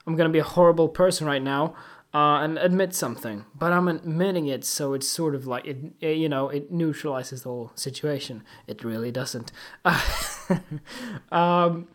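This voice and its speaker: A man's voice: on the high side, normal speed. Giggly, crude podcast host man. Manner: animated, giggly, crude, self-mocking. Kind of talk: casual comic storytelling.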